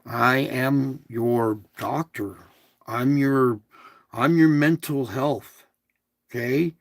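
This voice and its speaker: A man speaks as God in a devotional talk, unhurried and drawn out, with a gravelly edge to his voice. He is blunt and plain-spoken, slips in crude words, and keeps coaxing the listener with questions. The sound is dry and close. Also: mid-range voice, no echo.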